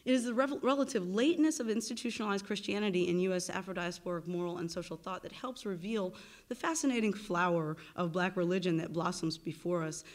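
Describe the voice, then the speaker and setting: A woman lecturing at a university, reading a formal academic paper in a measured way with occasional self-corrections. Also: lowish voice. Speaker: visiting lecturer and research associate. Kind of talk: academic lecture read from a prepared text.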